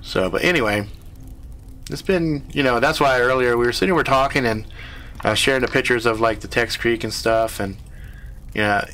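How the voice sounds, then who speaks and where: A man's voice: mid-range voice, normal speed, sharp tone. A man hosting a live stream, telling a rambling, profane story in casual chat.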